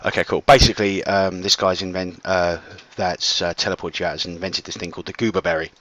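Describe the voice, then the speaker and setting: A man's voice: low voice, flat delivery, quick pace, a bit bright. A man narrating a tabletop game as dungeon master, rambling with lots of ums and restarts. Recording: muffled lo-fi mic.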